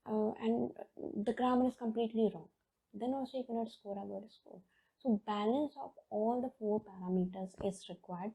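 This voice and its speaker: Husky, very mellow woman teacher. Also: on the high side, fairly even intonation, normal speed, low-quality recording. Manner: patient step-by-step explaining, frequent "okay" and "like". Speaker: IELTS teacher. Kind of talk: explaining a slide lesson.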